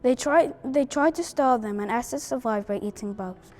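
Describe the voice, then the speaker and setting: A woman's voice: a little high, normal speed, a little mellow. A woman reading a prepared family account aloud at a memorial event, careful with small stumbles.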